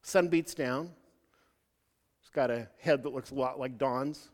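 A man preaching a sermon, telling a story in a halting way with many restarts. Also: medium pitch, in a large hall.

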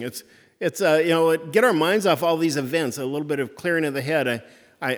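Halting preacher in a reverberant hall. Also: male voice, fairly high pitch. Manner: halting, conversational, many restarts. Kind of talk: sermon.

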